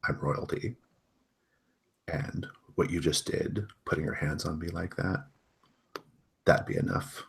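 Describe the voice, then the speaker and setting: A haughty royal speaks quietly and coldly, his voice sitting extremely low, as a game master puts him on. The menace stays hushed and restrained. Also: steady tone, unhurried, creaky, long pauses, full character voice. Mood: menacing. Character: man, royalty, arrogant and threatening.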